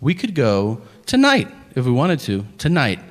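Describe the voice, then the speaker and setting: A man's voice: mid-range voice, huge pitch swings, normal speed. Sarcastic stand-up man in a reverberant hall. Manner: sarcastic, storytelling, profane. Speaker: stand-up comedian. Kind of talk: stand-up routine.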